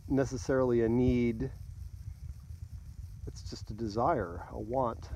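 A man in his fifties musing slowly to himself as a podcast host, recorded on a phone outdoors by a lake. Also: mid-range voice, a little hiss or hum, low-quality recording. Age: 50s. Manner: slow and musing, laughs softly to himself. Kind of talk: reflective solo talk. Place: outdoors by a lake at day's end.

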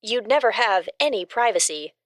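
A woman's voice: a little high, animated, moderate pace, dry recording. A woman co-host speaking firmly and matter-of-factly. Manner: matter-of-fact, firm. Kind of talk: casual chat and factual aside.

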